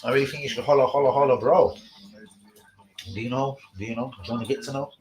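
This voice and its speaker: A man hosting a casual live stream, sweary and excitable, talking to his chat about football. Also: mid-range voice, fast, echoey room, crowd noise, rough recording.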